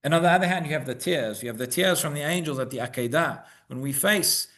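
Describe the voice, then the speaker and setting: A rabbi gives a Torah lesson to his congregation in a synagogue. His voice sits a little high for a man, and he talks in an engaged, conversational way, throwing out rhetorical questions and tagging on "right?" as he goes. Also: fast, sharp tone. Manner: repeats words as he builds a point. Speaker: rabbi teaching the weekly Torah portion.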